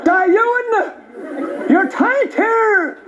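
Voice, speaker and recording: Man putting on a young Irish lad, brash, shouting, high-pitched, fast, muffled sound. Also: a crowd in the background, background noise. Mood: accusing. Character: brash young male Traveller, shouting accusations. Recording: dull live audience recording.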